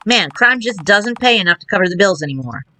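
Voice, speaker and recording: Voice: medium pitch, animated, brisk, pushed and bright. A streamer voicing a pair of dimwitted small-time crooks with a slangy tough-guy drawl, reading game dialogue live. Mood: scheming.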